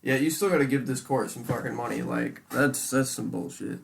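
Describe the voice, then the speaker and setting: Young male co-host, gravelly voice, heated profane rants, faint background hiss. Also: mid-range voice, brisk. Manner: heated, profane ranting with many fillers. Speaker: podcast co-host. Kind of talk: casual chat.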